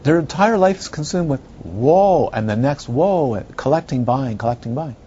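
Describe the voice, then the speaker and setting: A man's voice: mid-range voice, moderate pace, lo-fi sound, a little hiss or hum. A man, a Buddhist teacher, giving a dharma talk to students, asking many rhetorical questions and acting out how people react. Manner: animated, rhetorical questions, acts out others' reactions.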